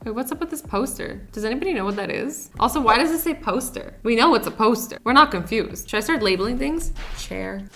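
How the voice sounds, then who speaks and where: A woman's voice: fairly high pitch, lively intonation, fairly quick, few pauses, pushed and bright, slight background noise. A woman host giving casual reaction commentary, sarcastic and joking. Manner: sarcastic, joking, laughing often. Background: faint music.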